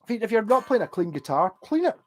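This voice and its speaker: A man's voice: high-pitched, sing-song, quick pace. A man, a bit drunk, rambling casually on a late-night home livestream while reading out chat and laughing often.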